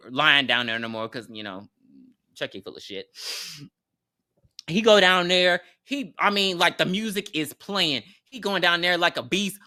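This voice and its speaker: Bright, animated podcast host. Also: medium pitch. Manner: animated storytelling, laughs often, slangy and profane. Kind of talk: casual movie recap.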